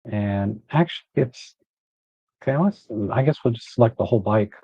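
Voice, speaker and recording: A man hosting a live photo editing walkthrough, relaxed and thinking aloud as he works. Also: mid-range voice, normal speed, breathy edge, no room sound, lo-fi sound.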